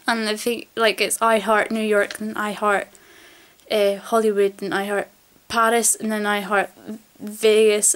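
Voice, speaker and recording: A woman's voice: mid-range voice, a bit bright. A woman vlogging in a casual, rambling chat to camera, gushing about things she loves and swearing casually.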